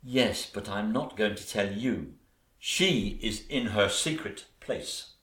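A man playing a plain-spoken young servant in a pantomime stage comedy, answering in deliberate, matter-of-fact replies. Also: fairly low pitch, a bit bright. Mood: dry. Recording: echoey stage recording.

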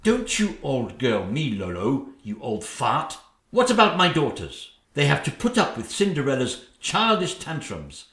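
A man's voice: wildly swooping pitch, unhurried, a bit bright, heavily acted. A man voicing a spiteful, nagging stepmother queen in a comic parody. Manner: shrill, nagging, theatrical. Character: shrill scheming stepmother queen, woman, spiteful. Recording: echoey room.

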